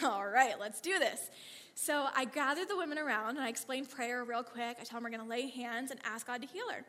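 A woman telling animated ministry stories to a church audience, laughing often and acting out the lines of the people in her stories. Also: sits high. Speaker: speaker sharing ministry stories. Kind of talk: testimony storytelling to a church audience. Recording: long reverb of a hall.

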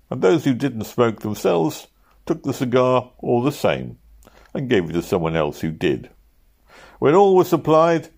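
A man narrating a novel aloud at a steady pace, lifting his voice for shouted quotes. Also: medium pitch. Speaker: audiobook reader.

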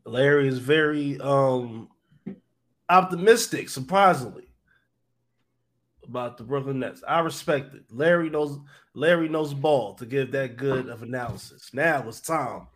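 A man's voice: medium pitch, unhurried. A man co-hosting a sports podcast, chiming in with short remarks and dry jabs. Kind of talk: casual sports banter.

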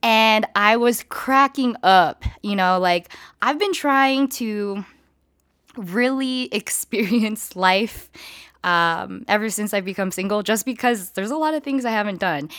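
A woman in her twenties casually telling a story, animated and swearing freely, with squealed quotes. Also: mid-range voice, takes it slowly, dry recording, clean studio sound. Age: 20s.

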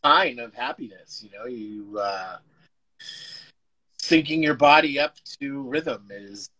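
A man's voice: medium pitch, lively intonation, slow pace, pushed and bright, poor audio. A man, an actor guest, chatting casually over a video call, rambling and restarting his sentences, with the odd casual swear. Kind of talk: casual interview chat.

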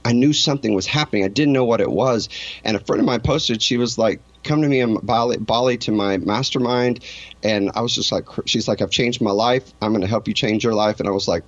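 A man's voice: fairly low pitch, dry recording, muffled recording. A man being interviewed, telling a personal story in an earnest, emotional way and often restarting his sentences. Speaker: interview guest.

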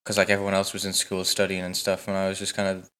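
A man's voice: low-pitched, completely flat delivery, fast talker, fairly bright tone. A teenage man co-hosting a podcast in casual chat, rambling with lots of "like", swearing and giggling. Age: late teens. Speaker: podcast co-host.

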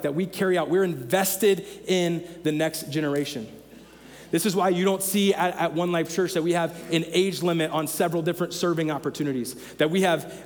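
A man's voice: a little high, in a large hall. A man in his thirties preaching a sermon as pastor, conversational and emphatic, repeating his key phrases. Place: church sanctuary.

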